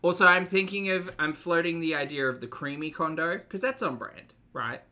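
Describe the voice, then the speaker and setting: A man's voice: a little high, normal speed, pushed and bright. A young man hosting a casual reaction commentary, chatty and sarcastic, laughing often. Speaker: commentary channel host.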